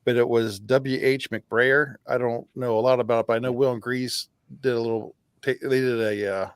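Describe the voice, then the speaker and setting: Male co-host, relaxed chat, halting recall, dry close mic. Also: mid-range voice, clean tone, no room sound. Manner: halting, restarts often while recalling details. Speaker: podcast co-host. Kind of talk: casual bourbon chat.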